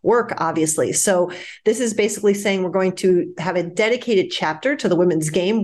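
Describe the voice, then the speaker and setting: A woman co-hosting a casual podcast, animated and quick to laugh while she chats and reads out news. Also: medium pitch. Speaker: podcast co-host.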